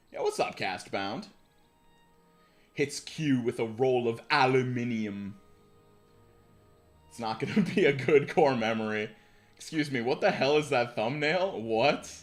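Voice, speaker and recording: Young male streamer, casual and slangy, swings his pitch around a lot, light music underneath. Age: 20s. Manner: slangy, animated, swears casually. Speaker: livestream host reading forum posts. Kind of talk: casual live-stream chat.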